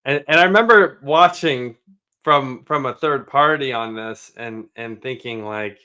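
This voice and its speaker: A man co-hosting a sales podcast, telling stories in a casual, animated way and acting out sales pitches. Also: measured pace. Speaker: podcast co-host.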